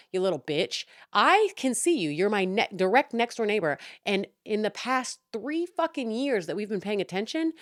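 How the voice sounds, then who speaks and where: A woman's voice: mid-range voice, no room sound, clean studio sound. Profane, heated young woman venting. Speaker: podcast host. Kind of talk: casual storytelling rant.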